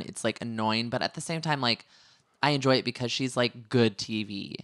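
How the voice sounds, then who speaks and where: Guy gossiping on a podcast, animated and chatty, lots of likes and ums. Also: mid-range voice, moderate pace, clean tone, no room sound, clean studio sound. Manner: gossipy, animated, many fillers. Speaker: podcast co-host. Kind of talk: casual reality-TV recap chat.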